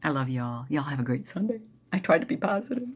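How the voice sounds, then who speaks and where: A woman from the US Midwest telling a personal story to her viewers, rambling and digressive, calling them "y'all" and sometimes sinking into a soft, emotional near-whisper. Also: low-pitched, very animated, fast talker, slight background noise. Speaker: vlogger.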